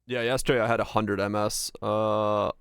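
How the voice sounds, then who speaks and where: Sleepy man, game streamer, gravelly, low voice, sarcastic and laughing. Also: little pitch movement, normal speed, a bit bright, no room sound, studio quality. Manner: laid-back, joking, sarcastic, laughs often. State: sleepy, yawning. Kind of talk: casual live-stream chat while gaming.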